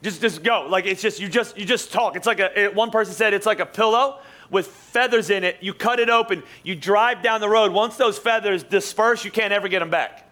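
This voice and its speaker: Bright, high-voiced joking male pastor. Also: brisk, few pauses. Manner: jokey, energetic, teasing the congregation. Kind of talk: live sermon. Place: church auditorium.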